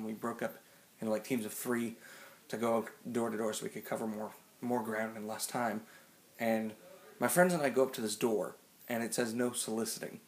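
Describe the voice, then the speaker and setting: Rambling teen guy telling a story. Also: medium pitch. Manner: rambling, full of "like" and restarts. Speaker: vlogger. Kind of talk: casual storytelling to camera.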